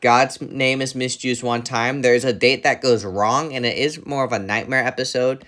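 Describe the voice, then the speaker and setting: A man's voice: mid-range voice, fairly even intonation, moderate pace, fairly bright tone. A man giving casual, earnest review commentary, listing points with hesitant fillers. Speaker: show reviewer.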